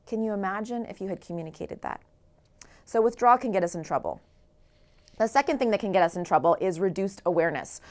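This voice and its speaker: A woman's voice: mid-range voice, lively intonation, fast. Earnest woman giving a motivational talk. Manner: earnest, with rhetorical questions to the audience. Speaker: author and speaker.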